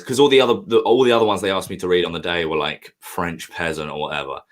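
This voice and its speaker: Stream co-host, man, very deep low voice, rambling, sweary. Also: fairly even intonation, fast talker. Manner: rambling, swearing, self-mocking. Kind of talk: casual chat, storytelling.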